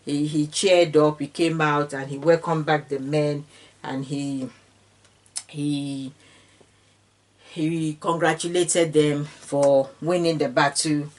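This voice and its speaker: Low-voiced woman retelling a Bible story. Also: little pitch movement, takes it slowly, darkish tone. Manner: informal, with fillers and restarts; slips into the characters' speech when quoting. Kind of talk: casual retelling of scripture.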